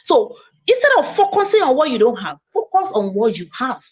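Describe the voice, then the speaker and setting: A woman from Nigeria with a Nigerian English accent, giving a fast, emphatic, self-assured online mentoring talk as a coach. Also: high voice, very animated, husky, dull audio. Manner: speaks fast, by her own account.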